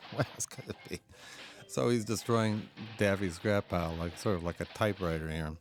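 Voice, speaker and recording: Low-voiced chuckling film commentator man. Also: moderate pace, slight background noise. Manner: chatty, chuckling often while explaining. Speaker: film historian giving commentary. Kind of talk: DVD audio commentary. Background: faint cartoon soundtrack.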